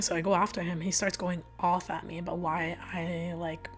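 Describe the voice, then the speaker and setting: A woman guest on a podcast, her voice on the low side with little pitch movement and a fairly quick pace, shares a personal story over soft background music. The casual, filler-heavy retelling is emotional, and she acts out both sides of the arguments.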